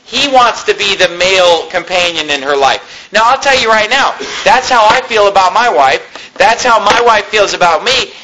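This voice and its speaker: A man's voice: high-pitched, expressive, normal speed, sharp tone, a little hiss or hum, poor audio. A man preaching a sermon in a conversational way, rising emphatically on his key points. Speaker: pastor.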